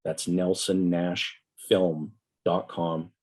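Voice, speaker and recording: A man's voice: deep voice, flat delivery, extremely slow, a little mellow. A man from Canada, a guest on a podcast interview, explaining things in an earnest, reflective way. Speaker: guest, financial coach.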